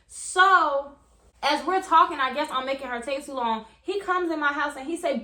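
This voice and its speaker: A young adult woman, a hairstylist, telling a story to her viewers in an animated, profane, chatty way. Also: high voice, normal speed, echoey room. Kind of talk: storytime vlog.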